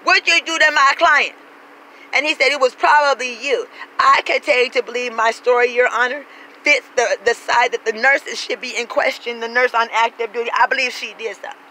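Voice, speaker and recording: A woman's voice: a little high, steady tone, a little fast, pushed and bright, a little hiss or hum, low-quality recording. A woman telling a profane comic story in a brash, sassy, street-talking way, acting out everyone she quotes. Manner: brash, swears constantly, acts out every quoted voice.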